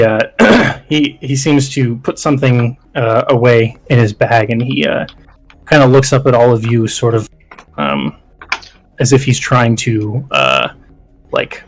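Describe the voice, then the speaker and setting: A man's voice: mid-range voice, poor audio. A man narrating as game master, rambling with lots of fillers.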